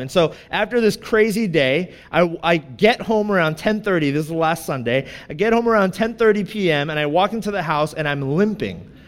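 A man in his thirties preaching from a church stage, his voice sitting notably high for a man. He tells stories in an animated, joking way and pokes fun at himself. A long reverb from the hall trails every phrase. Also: clear, resonant tone. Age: 30s. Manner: animated, self-deprecating and joking. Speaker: pastor. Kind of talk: sermon with personal storytelling.

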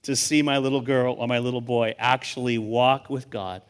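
A man's voice: mid-range voice, steady tone, moderate pace, clean tone. Older man preaching a story-filled sermon. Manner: conversational storytelling, repeats words when starting a thought. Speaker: guest pastor. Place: church service with a congregation.

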